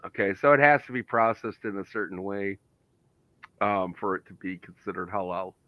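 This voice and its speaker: A man's voice: fairly low pitch, fairly even intonation, moderate pace, dry recording, lo-fi sound. A man hosting a casual podcast chat, reading out viewer comments, laughing often and restarting his sentences.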